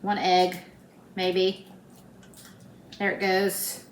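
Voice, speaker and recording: Speaking in a lowish monotone and very slowly, a woman who vlogs about cooking talks folksily to her audience while making food in her own kitchen. The room is roomy, with the air conditioner humming in the background.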